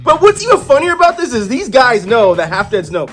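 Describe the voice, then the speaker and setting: Animated comic book storyteller. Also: medium pitch, brisk, soft background music. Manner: animated, amused commentary. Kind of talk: casual story retelling.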